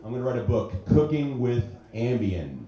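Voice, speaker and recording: Brash comedian, warm and very echoey. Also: male voice, medium pitch, big pitch swings, moderate pace, lo-fi sound. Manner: brash, crude, with mock-fussy character voices. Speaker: stand-up comedian. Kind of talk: stand-up comedy set. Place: comedy club stage. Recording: very echoey club room.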